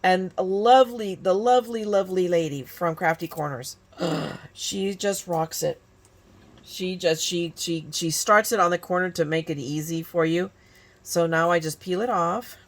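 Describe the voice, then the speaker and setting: A woman's voice: fairly low pitch, unhurried. A woman in her fifties from California, chatting through a crafting tutorial with lots of restarts and self-mocking asides. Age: 50s. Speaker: crafting YouTuber. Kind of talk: casual crafting tutorial chat.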